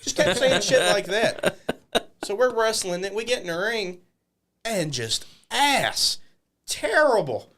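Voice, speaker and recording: A man sitting high in pitch, with lively intonation, an unhurried pace and a sharp tone, guests on a podcast in a studio. He tells animated wrestling stories laced with profanity, acting out the voices of people he quotes.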